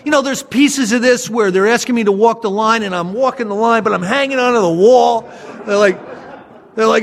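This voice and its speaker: A man with a notably high voice tells a self-mocking story about his past to a listening audience. He talks in an animated, storytelling way. The sound rings with the long reverb of a large hall. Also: moderate pace. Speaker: speaker sharing a recovery story.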